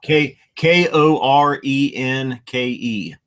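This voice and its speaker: Whisky co-host, male, mid pitch, dry slow teasing delivery, casual chat. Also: fairly bright tone, clean tone. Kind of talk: casual live-stream chat.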